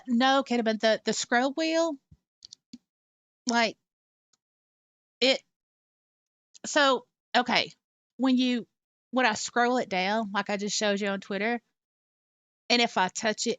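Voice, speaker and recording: A woman's voice: medium pitch, takes it slowly, long pauses, fairly bright tone, dry recording. A young woman live streaming from her home in casual chat, reading viewer messages aloud and talking to her cat.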